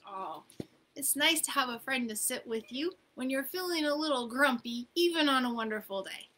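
A woman librarian reading a picture book aloud at a children's storytime, gentle and expressive. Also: high voice, moderate pace.

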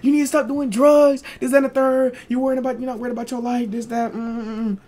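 A man's voice: extremely high pitch, level tone, fast talker, darkish tone, voice pushed up. A man voicing his middle-aged mother as she scolds and nags in a raised voice. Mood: scolding. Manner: nagging and scolding.

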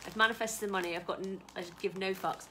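Excitable woman, bright voice. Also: mid-range voice, fast, slight background noise. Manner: excitable, chatty, swears casually. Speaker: vlogger. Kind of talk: casual live-stream chat. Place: home.

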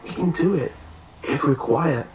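A man's voice: fairly high pitch, unhurried, voice pushed up, lightly acted. A man voicing a blunt, commanding teenage boy in a storytelling recording. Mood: firm. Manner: curt, commanding. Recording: roomy echo, faint hiss.

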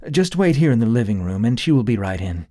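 A man's voice: medium pitch, big pitch swings, quick pace, mellow, no echo, studio quality, pitched above the performer's own voice. A man voicing an anxious woman in her late thirties, a wealthy daughter who snaps back lightheartedly. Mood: brisk.

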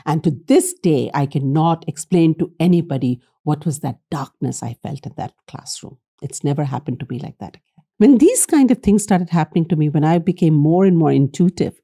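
Middle-aged woman, animated interview storyteller, dark, gravelly voice. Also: sits low, moderate pace. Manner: animated, acts out quoted dialogue. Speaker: academic guest.

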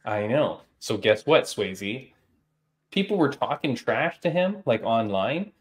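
Teasing, animated male podcast host. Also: mid-range voice, slow. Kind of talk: casual chat.

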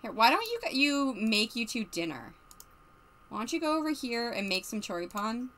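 A woman's voice: fairly high pitch, very animated, normal speed, fairly bright tone, a little hiss or hum. A woman streamer giving casual, chatty let's-play commentary and narrating her game characters.

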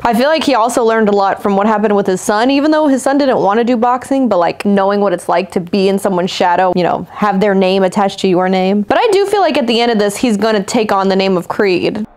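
A woman's voice: medium pitch, fast talker, few pauses, a little mellow. A young woman hosting a casual movie reaction, gushing and giggly, often saying "like" and laughing between comments.

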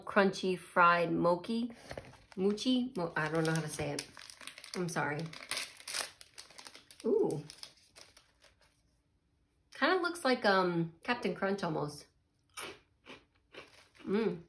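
A woman's voice: fairly low pitch, lively intonation, takes it slowly, long pauses, a bit bright, slight background noise. A woman chatting casually while tasting snacks, murmuring and laughing as she eats. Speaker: snack reviewer.

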